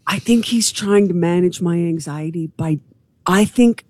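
A woman co-hosting a chatty podcast. She is animated, exclaims often and pokes fun at herself. Her voice is mellow and a little husky, close to a dry mic. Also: on the low side, unhurried, no echo. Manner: animated, self-deprecating, exclamatory. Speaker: podcast co-host. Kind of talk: casual chat.

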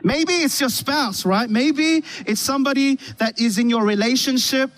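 A man with a notably high voice preaches a sermon into a stage microphone. He tells his story in an animated way and keeps stumbling back over his own words. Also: moderate pace, soft background music. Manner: animated storytelling with repeated restarts.

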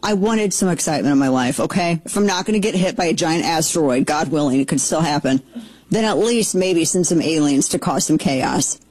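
A woman hosting a talk show, chatting in an excitable, sarcastic way and slipping into mock voices. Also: low-pitched, a little fast, husky, no echo, poor audio. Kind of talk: casual commentary chat.

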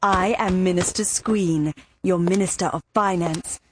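A fawning, fussy royal minister, played by a woman, formal and obsequious, in a lowish voice with faint noise behind. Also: steady tone, measured pace, close to an everyday voice.

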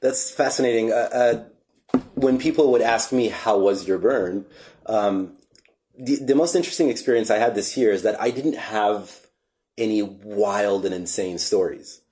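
Man, low voice, easygoing chat, casual cursing. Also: normal speed, darkish tone. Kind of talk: casual conversation among friends.

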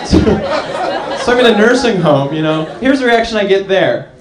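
A young man doing an animated stand-up comedy set on a club stage, acting out characters in funny voices. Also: sits high, normal speed, crowd noise. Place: comedy club stage before a live audience. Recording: roomy live club with audience.

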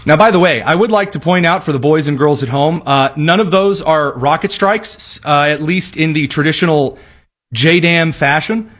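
A man's voice: fairly high pitch, moderate pace, fairly bright tone. A man hosting a political commentary show, delivering the news with wry, sarcastic, mock-folksy asides. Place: studio, also aired on radio.

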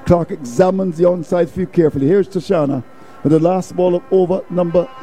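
Male cricket commentator, very dark mellow tone, folksy proverbs, ball-by-ball, faint music behind. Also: high voice, brisk. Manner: folksy, proverb-quoting, steady play-by-play.

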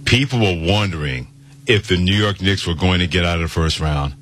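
A man's voice: sits low, fairly quick, fairly bright tone. A man hosting a sports talk radio show, speaking emphatically and teasing his co-hosts.

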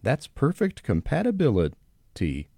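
A man's voice: medium pitch, measured pace, vocal fry, no room sound, studio quality. A retired man in his sixties, hosting a short scripted radio segment, telling wry everyday stories. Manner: wry storytelling with lively intonation.

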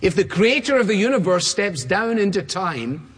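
A man's voice: high-pitched, very animated, normal speed, fairly bright tone, slightly rough, big-room sound. A man preaching an expository sermon, emphatic, stressing points by repeating phrases.

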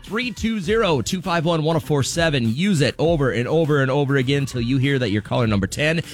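A man hosting a radio show, chatting and reading contest promos in a quick, upbeat way. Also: a little high, lively intonation, soft background music. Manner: quick, promo-style delivery. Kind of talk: upbeat morning radio banter.

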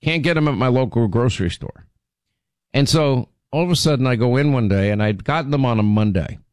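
A man hosting a radio show, telling stories in casual chat, his voice jumping up in pitch when he gets indignant. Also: a little fast, dry recording. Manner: animated storytelling, pitch jumps when indignant.

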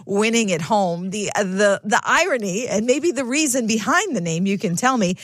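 A woman's voice: mid-range voice, expressive, normal speed, no room sound, clean studio sound. A woman hosting a radio talk show, introducing and questioning her guest in a thoughtful, conversational way. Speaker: radio host. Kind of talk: radio interview. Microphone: studio microphone.

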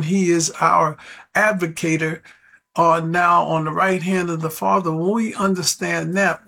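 A man's voice: sits high, vocal fry, bright, forceful tone. A man preaching a radio sermon, earnest and pleading with his listeners.

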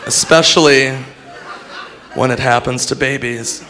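A man doing stand-up with dark, deadpan jokes and sudden shouted bits. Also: a little high, moderate pace, background noise. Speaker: stand-up comedian. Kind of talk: stand-up comedy. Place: comedy club stage with live audience. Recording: live club recording with crowd.

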